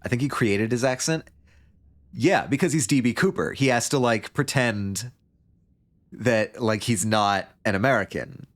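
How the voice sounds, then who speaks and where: A man's voice: mid-range voice, measured pace, fairly bright tone. A man livestreaming a story game, reading it aloud and joking along in a rambling, casual way. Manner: joking, rambling, with frequent laughs. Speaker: streamer.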